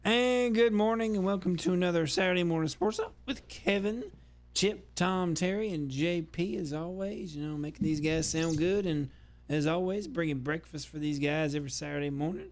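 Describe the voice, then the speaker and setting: Guy kicking off the sports show, kinda high voice, cheery. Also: moderate pace. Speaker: show host. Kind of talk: radio show intro.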